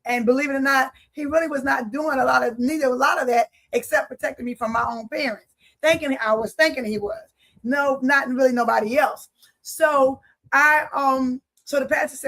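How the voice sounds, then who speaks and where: A woman's voice: high-pitched, steady tone, normal speed, fairly bright tone. A woman giving a personal faith testimony, telling her story vividly and speaking straight to her listeners like a preacher. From Philadelphia. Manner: vivid storyteller, acts out dialogue; preacherly, addresses audience directly.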